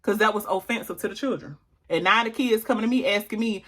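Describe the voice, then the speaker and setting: A woman's voice: fast talker, fairly bright tone. A woman vlogger doing her makeup while answering viewer questions in a playful, sassy, casual chat. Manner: sassy, playful, swings into high exclamations.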